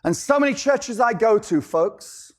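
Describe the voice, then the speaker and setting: A man preaching a sermon, animated, firing off rhetorical questions and acting out characters. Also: high-pitched, measured pace.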